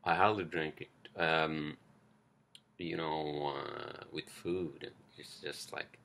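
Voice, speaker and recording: Gravelly low-voiced man rambling on a podcast. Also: fairly even intonation, takes it slowly, sharp tone. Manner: rambling, profane, many fillers. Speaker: podcast host. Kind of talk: casual solo podcast rambling. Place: indoors at home, street traffic outside. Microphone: cheap headphones.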